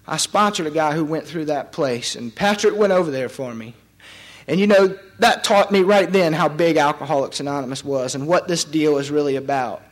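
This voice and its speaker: A young man telling his personal recovery story at a meeting, in an earnest, halting way with frequent pauses. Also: on the high side. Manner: halting, many fillers and restarts, earnest.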